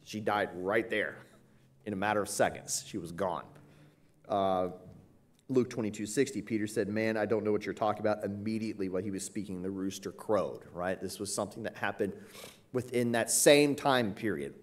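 Low-voiced man teaching a sermon. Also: moderate pace. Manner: conversational, frequent "uh" and "right?" tag questions. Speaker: pastor. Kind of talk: expository Bible teaching.

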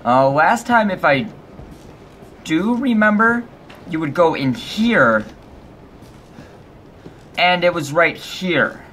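A young man with a fairly high voice commentates casually on a horror game. He is jumpy and nervous, swears freely, and laughs between scares. Faint game ambience sits under his talk. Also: lively intonation, slow pace, long pauses, a bit bright, a little hiss or hum. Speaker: let's play host.

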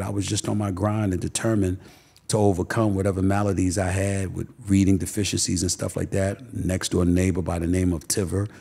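Middle-aged New guest, emphatic storyteller, very low husky voice. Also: male voice, warm tone. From Queens, New York. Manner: emphatic, repeats phrases for stress. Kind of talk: candid personal storytelling.

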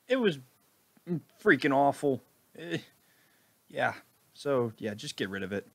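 A man giving mocking, deadpan sarcastic commentary over a video. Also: medium pitch, a little slow, creaky, long pauses, no room sound. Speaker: video reactor.

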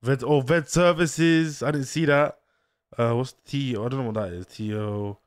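A man's voice: mid-range voice, moderate pace, smooth, no room sound, studio quality. Young guy streaming, mumbly. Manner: excited, repeats slang, trails off to mumbles. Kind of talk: casual live-stream reaction.

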